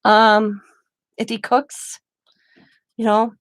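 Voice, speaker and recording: A middle-aged woman telling a story in a casual, blunt and animated way, acting out the people she quotes. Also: fairly high pitch, very slow, dry recording. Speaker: crafting channel host.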